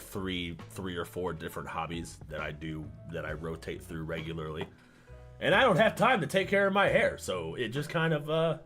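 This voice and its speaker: A man's voice: low-pitched, a bit bright. A man livestreaming and chatting casually with his viewers, rambling, stammering and repeating words, laughing often and getting sidetracked.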